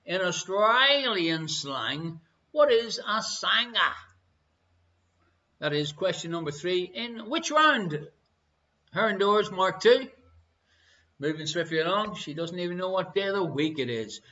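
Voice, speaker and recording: A man with an Irish accent hosting a live online quiz, playful and repeating each question slowly. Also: high-pitched, expressive, bright, forceful tone, lo-fi sound. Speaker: quiz host.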